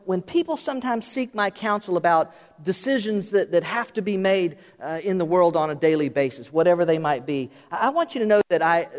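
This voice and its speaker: A middle-aged man preaching a sermon as pastor, talking conversationally and directly to his congregation in a church. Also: sits high. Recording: long hall reverb.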